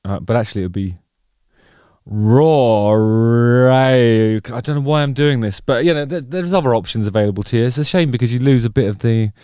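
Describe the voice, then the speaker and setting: A man's voice: medium pitch, animated, rapid-fire, hardly any pauses, dark tone, no echo, clean studio sound. A middle-aged man hosting a casual music video reaction, rambling and wry with playful digressions.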